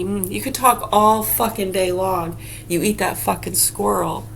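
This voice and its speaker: Gravelly-voiced woman ranting profanely. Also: mid-range voice, steady tone, normal speed, a little hiss or hum. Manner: profane, sarcastic, heated. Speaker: vlogger. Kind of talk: casual ranting monologue.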